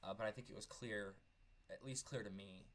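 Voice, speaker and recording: Guy in his 30s vlogging his own story, kinda low voice, earnest, trips over his words a lot. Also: steady tone, fairly quick, a bit bright. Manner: earnest, candid, stumbling over repeated words. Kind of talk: personal storytelling vlog.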